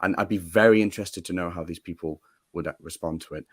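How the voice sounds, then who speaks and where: A man's voice: low-pitched, fast talker, slightly rough. A man with a British accent, guest-hosting a casual political talk show and building his points through rhetorical questions. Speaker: guest host.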